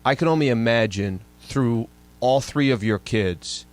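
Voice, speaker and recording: A man's voice: medium pitch, unhurried. A man co-hosting a sports talk radio show, reacting enthusiastically and chiming in with his own examples. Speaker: radio co-host.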